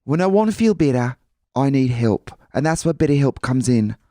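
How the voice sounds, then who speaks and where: Vain young actress, as a man puts her on, faux-lilt, lively swooping pitch, mock-earnest ad read. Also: normal speed, dry recording, studio quality, close to an everyday voice. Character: vain young female film star doing an ad read. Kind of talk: comedic celebrity impression in a sponsor read.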